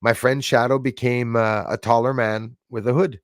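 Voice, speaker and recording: A middle-aged Canadian livestreamer chats casually with viewers and reads their comments, rambling with lots of fillers, restarts and chuckles. His mid-range voice is fairly even in intonation and moderate in pace, recorded dry at studio quality.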